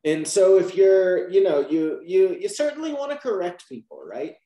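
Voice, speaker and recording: A man's voice: high-pitched, normal speed, reverberant. A man explaining teaching methods to trainee teachers in a Q&A, often checking with "right?". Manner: lively, repeats "right?" to check understanding.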